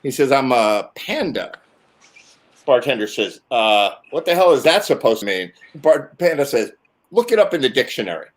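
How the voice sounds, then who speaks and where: A man's voice: mid-range voice, very animated, moderate pace, low-quality recording. A man hosting his own show, telling a long joke among friends with many fillers. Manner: rambling storyteller, filler-heavy. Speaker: show host.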